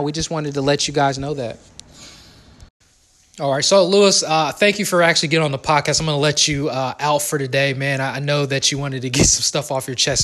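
A man co-hosting a fantasy baseball podcast, ranting loudly and emphatically in casual chat. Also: a little high. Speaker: podcast co-host.

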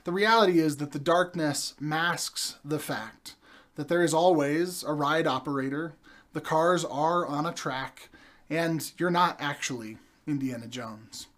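A young adult man preaching a sermon, telling stories with slow, deliberate pauses. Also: on the high side, fairly bright tone.

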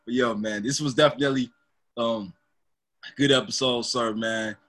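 A man's voice: mid-range voice, fairly even intonation, moderate pace, a bit bright, a little hiss or hum. A young man co-hosting a podcast in casual chat, laid-back, laughing often and calling his friend man and dog. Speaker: podcast co-host.

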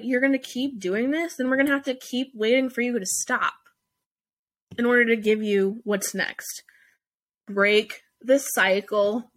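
A young woman hosts a podcast, her medium-pitched voice slightly bright as she hands out blunt, heated relationship advice full of swearing and filler words.

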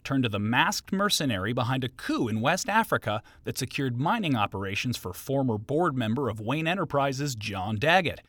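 A man's voice: mid-range voice, very animated, moderate pace, few pauses, a bit bright, no room sound. A man hosting a music history podcast, narrating from a script with a wry, joke-filled delivery. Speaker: podcast host.

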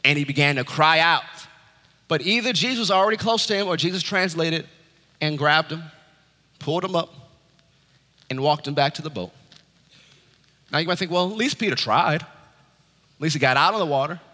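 Male pastor, high and sharp-edged tone, dynamic sermon delivery in a reverberant hall. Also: moderate pace, pauses often. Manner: preaching with wide swings from loud high urging to low hush.

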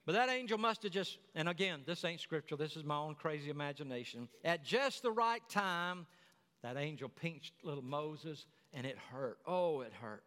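A man's voice: fairly high pitch, expressive, normal speed, fairly bright tone, big-room sound. A man preaching a sermon, telling the story in a folksy way with chatty asides.

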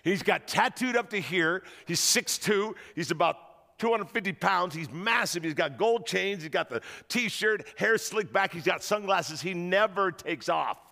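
A man preaching a sermon to a church crowd, telling stories in an animated way and rousing the audience, in a large auditorium. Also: sits high, measured pace, creaky, big-room sound. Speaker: guest pastor.

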